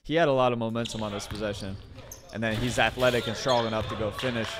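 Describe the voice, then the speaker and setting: A man giving casual, excited play-by-play commentary on a basketball game, full of slang. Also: fairly low pitch, quick pace, background noise. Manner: excited, chatty, loose slang.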